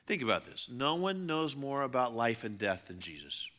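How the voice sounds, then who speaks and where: A man preaching a sermon, animated, acting out the voices of people in the story and swinging between loud outbursts and hushed lines. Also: medium pitch, moderate pace. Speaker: pastor.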